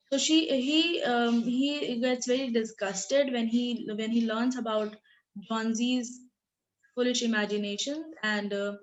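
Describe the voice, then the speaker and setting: A woman's voice: on the high side, steady tone, unhurried, dull audio. A woman teacher explaining a short story in a recorded lesson, talking hesitantly with many fillers and restarts and often asking "right?". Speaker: literature teacher.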